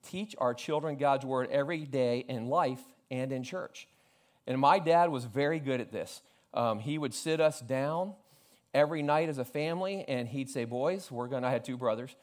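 A man's voice: medium pitch, normal speed. Man preaching a storytelling sermon. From South Florida. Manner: storytelling with humor, animated quoting of family. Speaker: pastor.

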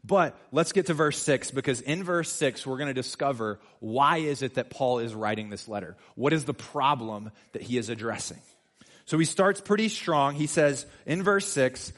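A man preaching a sermon in a church, conversational and animated, with sudden emphatic swells. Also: mid-range voice, normal speed. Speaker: pastor.

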